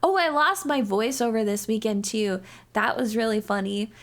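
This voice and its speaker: A young woman chats to her live viewers, her slightly high voice a bit strained from days of talking. She rambles and giggles, filling her sentences with "like". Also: normal speed. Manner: chatty and rambling, heavy use of "like", giggly. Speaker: livestreamer. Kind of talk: casual chat to a live audience.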